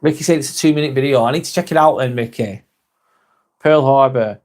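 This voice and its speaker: A man's voice: medium pitch, fairly quick, a little mellow. A man hosting a casual live stream on his phone, reading out viewer comments with dry jokes and casual swearing.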